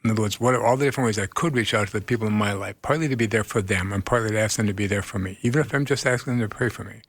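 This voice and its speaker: A man speaking as a guest therapist in a radio interview, earnest and animated, laughing often as he tells stories. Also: lowish voice, rapid-fire, no room sound.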